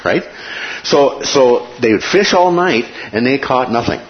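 A man hosting a casual Bible discussion, animated and laughing often as he acts out quotes. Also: medium pitch, moderate pace. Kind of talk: casual Bible study chat. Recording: dull lo-fi room recording with noise.

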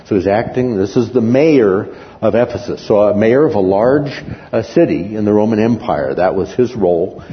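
A man teaching a Bible class in a lively, conversational way, often checking in with his listeners, on a muffled recording in a reverberant hall. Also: lowish voice, moderate pace, few pauses, a little hiss or hum.

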